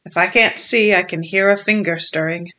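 A sinister blind old pirate beggar , as an audiobook reader puts him on, pitched up in a wheedling sing-song that drags slowly. Underneath it sits a cold, cruel menace. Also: steady tone, sharp tone, close to an everyday voice. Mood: commanding. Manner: whining sing-song turning cold and threatening. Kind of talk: audiobook character voice.

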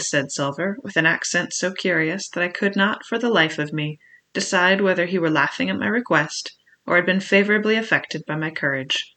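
A reader giving steady first-person audiobook narration of an adventure novel. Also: medium pitch, moderate pace.

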